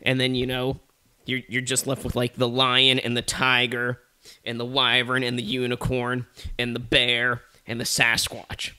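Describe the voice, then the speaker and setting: Male comedy podcast host, bright forceful voice, rambling, profane, lots of fillers. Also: medium pitch, completely flat delivery, a little slow, smooth. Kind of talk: comedic storytelling.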